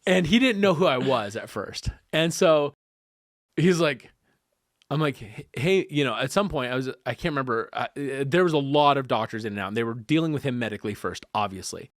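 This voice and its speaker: A man telling a personal story in a casual podcast conversation, animated and acting out the voices of the people involved. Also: mid-range voice, a little fast, no echo, clean studio sound. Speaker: guest.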